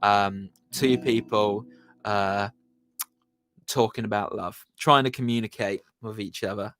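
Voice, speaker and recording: A man's voice: lowish voice, fairly even intonation, measured pace, a bit bright, no echo, clean studio sound. A man hosting a music live stream, chatting casually with viewers in a laid-back, rambling way and greeting them by name.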